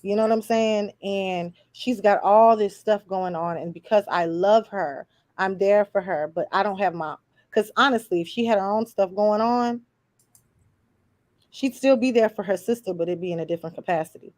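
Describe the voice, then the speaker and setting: A woman's voice: mid-range voice, normal speed, a little mellow, dry recording. A woman co-hosting a casual recap chat, blunt and sassy, full of slang. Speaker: podcast co-host.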